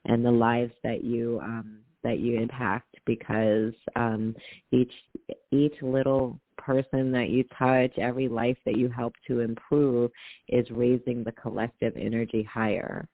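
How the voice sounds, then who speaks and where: Flat, gravelly woman guest on a phone line. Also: very deep voice, unhurried, dry recording. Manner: enthusiastic, filler-heavy, laughs often. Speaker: guest, aura photographer. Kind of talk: casual interview chat.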